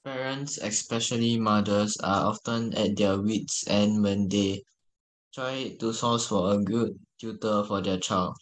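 Young man reading aloud, low voice. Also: fairly even intonation, a little slow, low-quality recording. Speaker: student.

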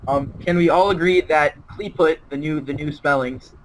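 A man's voice: on the high side, normal speed, a little hiss or hum, poor audio. Teasing man reading out viewer questions. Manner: teasing, laughs often. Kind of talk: casual livestream chat.

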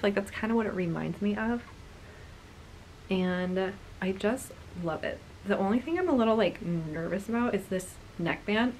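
A woman hosting a casual knitting podcast from home. She talks in a chatty, bubbly way and often drops into a soft near-whisper. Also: mid-range voice, a little hiss or hum, poor audio. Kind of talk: casual chat. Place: home corner.

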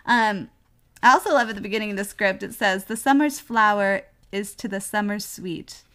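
A woman's voice: medium pitch, moderate pace, bright, forceful tone, clean tone. A young woman co-hosting a podcast, chatting casually and laughing often. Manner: giggly, enthusiastic. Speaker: podcast co-host. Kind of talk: casual chat.

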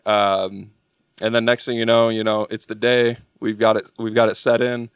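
A man's voice: lowish voice, little pitch movement, moderate pace, clear, resonant tone, dry recording. A young man, a podcast guest, telling a long story in a rambling, casual way with lots of filler words. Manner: rambling, filler-heavy delivery.

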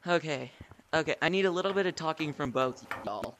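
A male gameplay host teasing his friends in excited gaming commentary, with loud outbursts. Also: on the high side, a little fast, a little hiss or hum.

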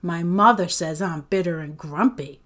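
A woman voicing a gruff, sullen teenage girl who answers bluntly. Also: on the low side, normal speed, close to an everyday voice. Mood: grumpy.

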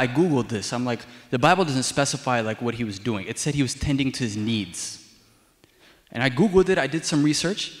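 Young male deacon preaching casually. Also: medium pitch. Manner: casual storytelling with frequent fillers. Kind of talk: sermon. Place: church sanctuary. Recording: long church hall reverb.

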